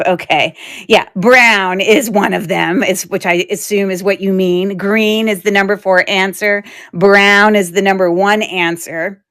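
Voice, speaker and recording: Selling jewelry on a live stream, a woman chats casually and giggles easily with her viewers, using lots of fillers. Her voice is medium-pitched, smooth and fairly bright, with fairly even intonation and a slightly slow pace.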